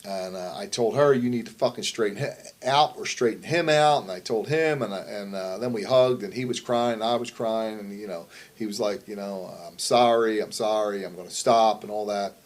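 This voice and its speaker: A middle-aged man with a somewhat low voice, sitting for a shoot interview about his life in wrestling. His talk is blunt and rough, full of profanity, and it rambles from one thought to the next. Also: normal speed, few pauses. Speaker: wrestler and promoter.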